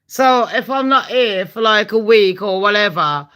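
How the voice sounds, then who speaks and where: A woman's voice: medium pitch, a little slow, bright, forceful tone, clear, resonant tone. A woman from England with a Birmingham accent, hosting a casual live-stream chat, blunt, gossipy and foul-mouthed, slipping into mock accents. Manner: slips into mock voices and accents. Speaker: channel host.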